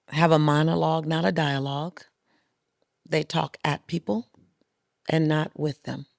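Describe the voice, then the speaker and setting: A woman guest speaker on a podcast tells stories with emphatic rhythm and lively drive. Her voice has a gravelly edge, and the studio sound is close and dry, with no room around it. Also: deep voice, no echo. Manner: emphatic, rhythmic, animated storytelling. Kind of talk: storytelling interview talk.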